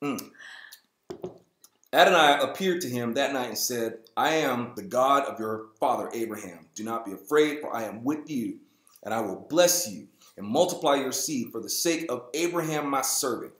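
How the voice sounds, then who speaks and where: A man's voice: animated, moderate pace, a bit bright, reverberant. A man hosting a casual Bible reading show, reading aloud and breaking in with jokes and goofy character voices. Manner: jokey, acts out the people in the story in goofy high voices. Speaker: host.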